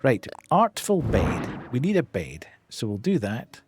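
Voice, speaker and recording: Male streamer, unhurried casual commentary, faint music bed. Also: mid-range voice, huge pitch swings. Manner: chatty, muttering to himself while playing.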